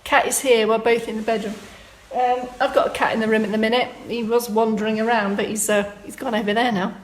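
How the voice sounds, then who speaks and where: A woman's voice: on the high side, little pitch movement, a little fast. A woman, leading a live-streamed exercise class from a room at home and chatting as she reads out viewer comments.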